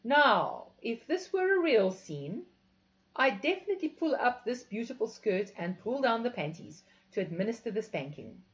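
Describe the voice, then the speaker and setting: A woman's voice: a little high, very animated, normal speed. A woman voicing a sultry, commanding female instructor who gives teasing, authoritative instructions. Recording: dull lo-fi recording.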